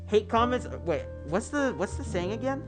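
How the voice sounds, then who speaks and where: A high-voiced, animated man speaks at a normal speed while chatting casually with his stream viewers. He rambles, curses, and trips over words, and background music plays.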